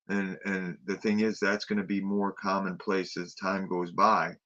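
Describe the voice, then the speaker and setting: A man's voice: low-pitched, a bit bright. A man ranting with heavy swearing in a casual late-night chat, recorded with dull lo-fi sound. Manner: ranting, profane, emphatic.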